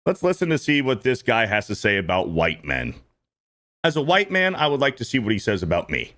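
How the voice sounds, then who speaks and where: A man's voice: mid-range voice, very animated, moderate pace, fairly bright tone. A man hosting a stream, giving casual reaction commentary in a blunt, profane, repetitive way. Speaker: streamer host.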